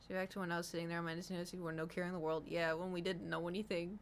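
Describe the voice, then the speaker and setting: A woman's voice: lowish voice, little pitch movement, rapid-fire, a little hiss or hum. A young woman streaming from home, chatting casually and rambling to her viewers, swearing now and then. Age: young adult.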